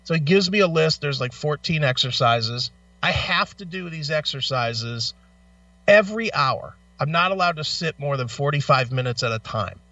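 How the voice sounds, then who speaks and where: A radio show co-host with a bright, tense, slightly high voice swears through a story in animated casual chat while in back pain. He speaks at a moderate pace, and the dry, dull lo-fi sound suggests he's sitting far from the mic.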